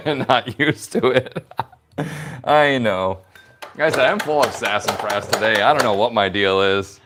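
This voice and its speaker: A man with a lowish voice hosts a leather crafting stream from his workshop, chatting playfully and giggling as he rambles through his work. The background is noisy.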